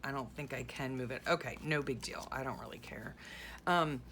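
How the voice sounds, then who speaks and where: A woman's voice: rumbling low, normal speed, fairly bright tone, slight background noise. A middle-aged woman chatting casually while gluing things into a journal, rambling through a story with sarcastic asides. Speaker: journaling vlogger. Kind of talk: casual chat while crafting.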